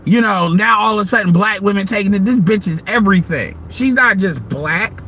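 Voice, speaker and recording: High-voiced man ranting bluntly. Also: a little fast, bright, forceful tone, a little hiss or hum. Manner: blunt, profane, heated ranting. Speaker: host of an online audio room. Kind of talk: casual ranting commentary.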